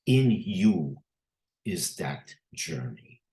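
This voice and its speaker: A man voicing an old rabbi from Eastern Europe with an Eastern European accent, giving a eulogy with slow, solemn emphasis. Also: low-pitched, very animated, warm tone, exaggerated voice.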